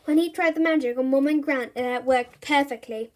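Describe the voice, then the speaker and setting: A woman reading a children's storybook aloud in an expressive, animated narrating voice. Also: high-pitched, brisk.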